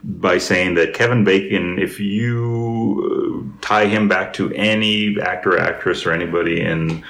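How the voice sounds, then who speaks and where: A man's voice: low voice, fairly even intonation, measured pace, a bit bright. A man hosting a casual podcast chat, steering the talk and patiently explaining and correcting. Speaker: podcast host. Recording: roomy echoey room.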